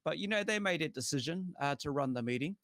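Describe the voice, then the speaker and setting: A man with a New Zealand accent hosting a casual talk show, relaxed and chatty, with lots of "uh" and "you know". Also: on the high side, quick pace, dry recording, clean studio sound. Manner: chatty, relaxed, thanks viewers by name, heavy on fillers. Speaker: show host. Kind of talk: casual podcast chat.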